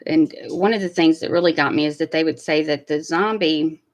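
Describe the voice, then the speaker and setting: Low-voiced chatty woman. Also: brisk. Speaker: commentary host. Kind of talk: casual commentary chat.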